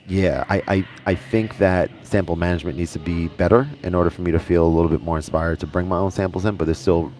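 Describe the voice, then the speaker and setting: A man hosting a casual music livestream, thinking out loud and chatting with viewers in the comments. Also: low voice, a little hiss or hum. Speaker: livestream host.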